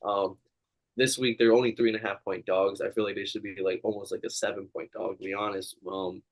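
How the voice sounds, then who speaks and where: A man's voice: on the low side, level tone, fairly quick, rough recording. A man co-hosting a casual sports betting chat, reasoning through his picks in a laid-back, rambling way. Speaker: podcast co-host.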